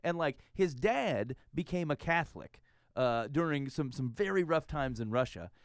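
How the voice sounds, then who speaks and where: A man's voice: a little high, animated, moderate pace, no room sound, studio quality. A man telling a long, rambling, self-deprecating tall tale in casual podcast chat. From Iowa. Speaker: podcast host.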